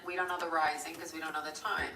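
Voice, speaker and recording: A woman chatting casually on a live stream while she draws, rambling, blunt and a little profane, with quick chuckles. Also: sits low, flat delivery, sharp tone, a little hiss or hum. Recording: roomy echo from a distant mic.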